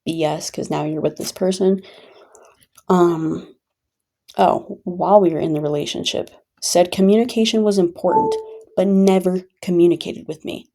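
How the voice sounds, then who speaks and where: A woman's voice: lowish voice, moderate pace, dark tone. A woman telling her own story in a venting vlog, talking emphatically and repeating points for stress. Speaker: vlogger.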